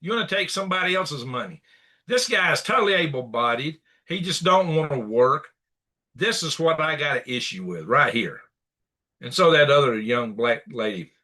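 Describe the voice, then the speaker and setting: A man's voice: fairly high pitch, lively intonation, moderate pace, bright, forceful tone. A man hosting a commentary show, reacting to clips with blunt, indignant rants and repeated insults. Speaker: news commentary host.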